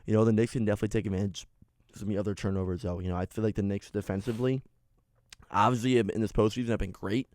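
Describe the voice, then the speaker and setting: A man's voice: fairly low pitch, steady tone, fast, darkish tone, no echo. Young guy on college sports radio, dry studio sound, keeps cracking jokes and laughing. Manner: joking, laughs often, plays with silly accents. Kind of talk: casual sports radio chat.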